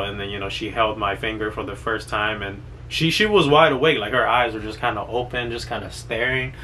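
A young man, a new father, telling a story in a casual, animated and slangy way, often repeating words. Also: lowish voice, moderate pace, slight background noise, rough recording. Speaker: new father, vlog co-host.

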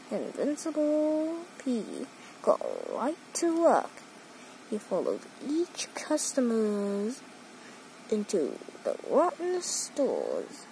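A woman narrates a playful kids' story, adding sound effects as she goes. She speaks very slowly, drawing out each phrase. Her high voice swings widely from word to word. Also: a little hiss or hum, low-quality recording. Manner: animated, slow and expressive.

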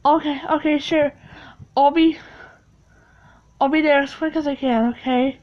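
A woman voicing an excitable adult girlfriend in a homemade puppet skit, talking in a high, squealing, chirpy way. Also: measured pace, dull audio. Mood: eager.

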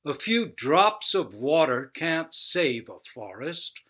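A man's voice: on the high side, sing-song, slow pace, fairly bright tone, husky, exaggerated voice. A man voicing a male god disguised as a great golden eagle, speaking in a commanding voice.

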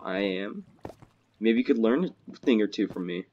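A man's voice: moderate pace, highs cut off, a little hiss or hum. A man chatting casually while playing a game with a friend, teasing and bragging. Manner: boastful, teasing, lively swings in pitch. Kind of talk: casual gameplay chat.

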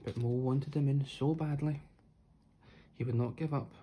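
A storyteller reads a children's picture book aloud and leans playfully into the sound words. The voice is very dark and mellow. A faint hum of room noise runs underneath. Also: mid-range voice, fairly even intonation, a little slow.

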